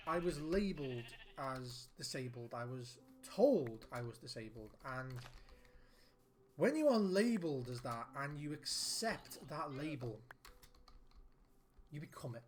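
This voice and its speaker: A man's voice: on the high side, lively intonation, a little slow, long pauses. A man, a father and gaming video host, speaking earnestly and heartfelt to the camera, repeating his points for emphasis. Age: adult, father of a young son.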